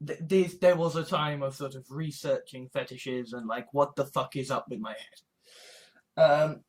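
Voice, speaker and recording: A woman's voice: very deep voice, fairly even intonation, moderate pace, a little mellow. A woman vlogger talking casually to camera in a rambling, exasperated way, swearing freely. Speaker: YouTube vlogger. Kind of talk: casual vlog monologue.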